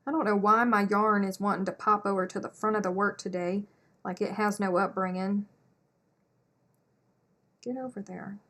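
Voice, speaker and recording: A woman's voice: medium pitch, little pitch movement, fairly quick, fairly bright tone. A woman, chatting casually on a crochet live stream and laughing often. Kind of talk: casual chat while crocheting.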